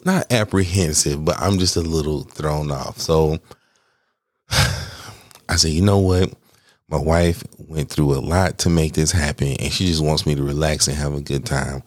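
Deep-voiced man telling a funny story. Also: moderate pace, no echo, clean studio sound. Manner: animated, slangy, swears, addresses listeners as y'all; acts out quoted lines in a raised voice. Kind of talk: casual personal anecdote.

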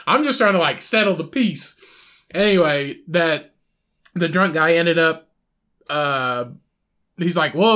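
A man's voice: a little high, a bit bright. A man hosting a podcast, telling a profane, rambling story and acting out the other people in it. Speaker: podcast host. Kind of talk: casual storytelling chat.

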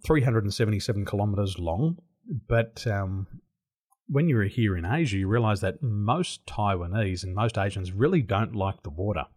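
A middle-aged Australian man telling stories as an interview guest, animated and laughing often. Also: fairly low pitch, breathy edge. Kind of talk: casual interview storytelling.

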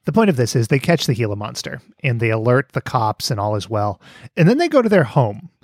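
Male podcast host, lively storyteller with a swinging pitch, dry close sound. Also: a little fast, no echo. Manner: animated storytelling, laughs often. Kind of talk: casual cartoon recap chat.

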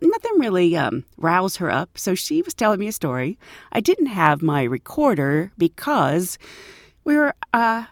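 A woman telling a story in a casual, animated way, acting out the people she quotes. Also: lowish voice, gravelly, dry recording, studio quality. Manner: animated, acts out quoted voices.

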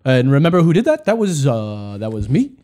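A man doing a smug, slow, measured impression of a former president. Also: medium pitch, huge pitch swings, mellow.

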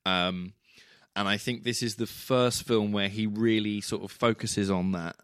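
A man's voice: fairly low pitch, fairly even intonation, unhurried, a bit bright, clear, resonant tone, dry recording, clean studio sound. A man co-hosting a casual film podcast, rambling and teasing, swearing freely as he talks through his thoughts. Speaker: podcast co-host.

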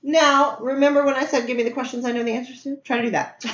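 A woman's voice: sits high, fairly even intonation, brisk, roomy sound, lo-fi sound, a little hiss or hum. A woman playing a trivia game with friends and keeping score, teasing and laughing often. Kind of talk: casual trivia chat among friends.

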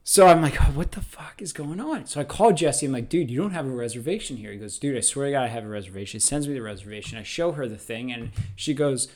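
A man's voice: mid-range voice, expressive, fast, hardly any pauses, a little mellow. A man from Los Angeles co-hosting a casual chat, telling a long rambling story full of restarts. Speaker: podcast co-host.

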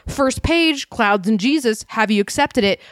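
A young woman in casual chat, telling a lively story full of "like" and swearing. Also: a little high, a little slow, no room sound, studio quality. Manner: animated storyteller, heavy "like" filler, swears freely.

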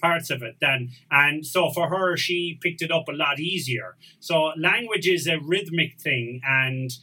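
Bright-voiced Irish man, relaxed and anecdotal. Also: a little high, a little slow, breathy edge, low-quality recording. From Ireland. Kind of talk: casual conversation.

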